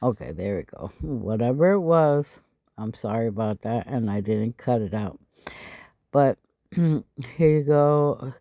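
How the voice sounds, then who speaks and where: A woman hosting a casual craft tutorial, tired and a little stuffy, with a raspy, low voice as she explains each step. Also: animated, unhurried, warm tone, dry recording, clean studio sound. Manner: chatty, explaining step by step with frequent asides. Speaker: craft channel host.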